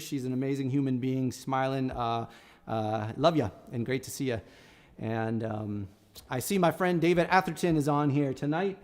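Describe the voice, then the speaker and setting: A man's voice: on the high side, darkish tone. Man telling stories, with a long reverb. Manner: rambling, with many restarts and fillers. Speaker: singer-songwriter hosting a live stream. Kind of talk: casual spoken storytelling between songs.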